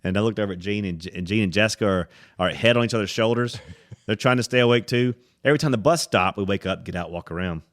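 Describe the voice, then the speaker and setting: A man from the United States, hosting a podcast and animatedly telling a travel story in casual chat. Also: quick pace. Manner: animated storyteller, acts out voices with loud high-pitched impressions. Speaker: podcast host.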